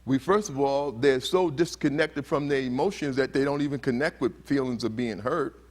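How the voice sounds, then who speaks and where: An earnest man speaking to a conference audience, with his voice at a middle pitch. He questions the room as he goes and now and then acts out angry quotes. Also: normal speed, darkish tone. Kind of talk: motivational talk to a live audience. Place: conference hall.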